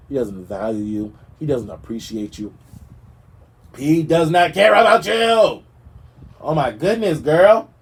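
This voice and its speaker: A man hosting a gossip show, talking in a sassy, animated way and speaking straight to the celebrities he discusses. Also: medium pitch, breathy edge, low-quality recording. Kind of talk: casual celebrity gossip commentary.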